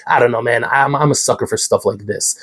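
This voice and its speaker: A man's voice: mid-range voice, fairly quick. Congested, hyped man reviewing supplements. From New York City. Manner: hyped, energetic, casual with slang. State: congested, hoarse voice. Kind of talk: hyped product review vlog.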